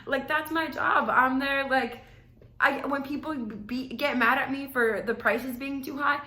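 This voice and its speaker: In a high-pitched, sharp-toned voice, a young woman hosting a podcast tells a rambling, chatty story, leaning heavily on "like." She talks a little slowly, and the room adds noticeable echo.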